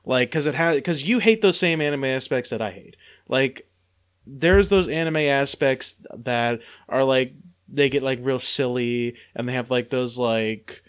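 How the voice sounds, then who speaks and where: A man's voice: mid-range voice, measured pace, fairly bright tone, clear, resonant tone. A man hosting a podcast in casual chat, rambling with many fillers and restarts. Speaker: podcast host.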